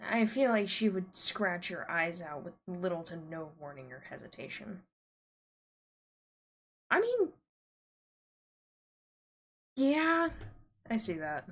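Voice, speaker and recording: A woman's voice: on the low side, big pitch swings, slow, long pauses. A woman with a thick American Southern accent, chatting casually with rambling asides while streaming a game.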